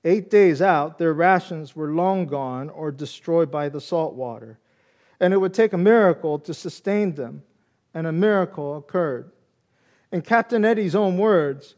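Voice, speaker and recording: A man preaching a Palm Sunday sermon, reading scripture and then telling a story in an earnest, measured way. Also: a little high, darkish tone. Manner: earnest storyteller, slows for emphasis. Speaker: pastor.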